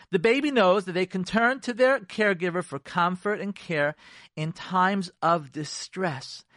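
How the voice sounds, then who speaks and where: A middle-aged man talks in a fairly high voice on a radio show. He is emphatic, repeats phrases for stress and keeps turning to the listener questions. The sound is close and dry. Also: fairly bright tone, no echo. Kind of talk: animated talk on relationships, reading and commenting.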